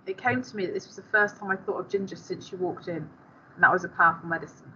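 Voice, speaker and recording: A woman teacher reads a first-person novel aloud to her class, pausing now and then to speak to the pupils. Her voice is bright and crisp. The recording is a little dull, with a faint hiss underneath. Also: on the low side. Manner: stops the reading to speak to pupils.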